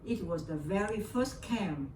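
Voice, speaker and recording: Her voice is lowish, with lively intonation and a measured pace: an older Vietnamese woman interviewed as a guest. In English, her second language, spoken with a Vietnamese accent, she shares a personal story with feeling, often repeating her words. Faint hiss accompanies the roomy, distant recording.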